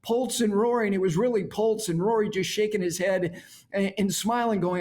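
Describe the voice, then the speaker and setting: A man's voice: high-pitched, fairly even intonation, a little fast, darkish tone. A middle-aged man hosting a golf talk show, delivering an emphatic studio monologue that repeats key words to drive points home.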